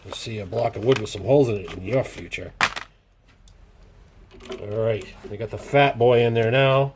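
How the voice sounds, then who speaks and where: A man's voice: medium pitch, animated, moderate pace, pauses often, background noise. Joking man narrating workshop jobs. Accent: put-on Irish lilt. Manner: joking, playful, exclaims while working. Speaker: workshop DIY host. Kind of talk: casual workshop vlog commentary. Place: home workshop.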